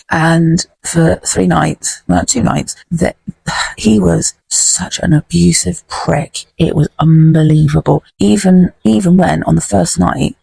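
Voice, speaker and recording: Woman podcast host, blunt and sweary, with a dark, dry, close sound. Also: fairly low pitch, vocal fry, breathy edge, no room sound. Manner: blunt, sweary, rambling storytelling. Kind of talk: casual podcast chat.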